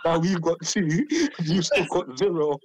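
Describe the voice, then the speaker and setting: A man's voice: a little high, sing-song, a little slow, heavy background noise. A man in casual football banter who teases his friends and laughs as he talks.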